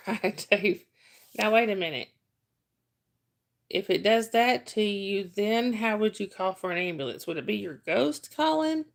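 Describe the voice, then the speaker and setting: Middle-aged woman streamer with a gravelly voice and a mid pitch, reading chat and telling rambling stories. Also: expressive, a little slow, pauses often. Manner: rambling storyteller who reads chat names aloud. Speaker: livestream host reading chat. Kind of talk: casual livestream chat.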